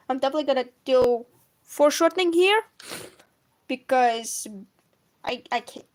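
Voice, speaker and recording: Rambling woman, higher voice. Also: lively intonation, slow pace, pauses often. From Russia. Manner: rambling, self-correcting, frequent coughs. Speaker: comic artist streaming. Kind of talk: casual live-stream chat while drawing.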